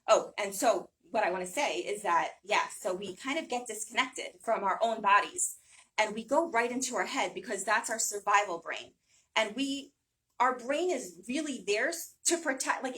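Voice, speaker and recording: A woman's voice: a little high, fairly bright tone. A woman giving a casual talk to a small audience, chatty, with many fillers and frequent "right?". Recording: voice from some distance.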